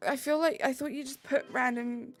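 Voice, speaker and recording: A woman's voice: sits high, fairly even intonation, normal speed. A woman streamer chatting casually with her live chat, giggling and teasing herself as she reads messages. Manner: giggly, self-mocking, chatty.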